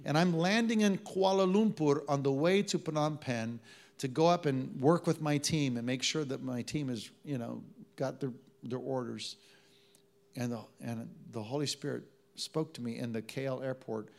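A man preaching a sermon, telling a story with acted-out quotes, dropping to hushed tones and building to loud emphatic preaching. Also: mid-range voice, moderate pace, gravelly. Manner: drops in Malay travel words.

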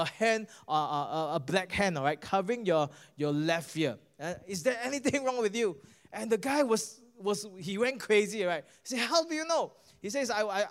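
A male pastor with a Singaporean English accent, preaching a sermon and telling a healing story, often asking the crowd "guess what?" and stumbling over repeated words. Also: high voice. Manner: animated preaching, asks the crowd "guess what?" and "all right?"; halting restarts and repeated words.

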